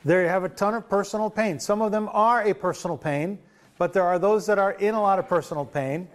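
A man's voice: high voice, fairly quick. A man preaching a sermon as pastor, in a conversational way, often chuckling and restarting his sentences.

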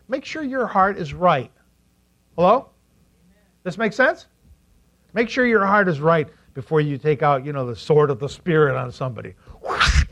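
Animated man preaching a sermon. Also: a little high. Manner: animated, asks the congregation questions, acts out quotes in funny voices. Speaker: pastor. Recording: dull lo-fi recording.

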